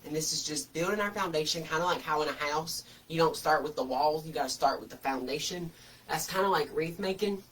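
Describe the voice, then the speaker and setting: A man's voice: fairly high pitch, a little fast, fairly bright tone, distant mic, a little hiss or hum, low-quality recording. Chatty man teaching wreath making. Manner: chatty and folksy, full of homespun comparisons. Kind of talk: casual craft tutorial.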